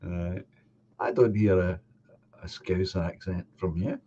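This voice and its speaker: A man hosting a casual chat stream, affable and quick to acknowledge. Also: low voice, fairly even intonation, dark tone, dull audio, a little hiss or hum. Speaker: host.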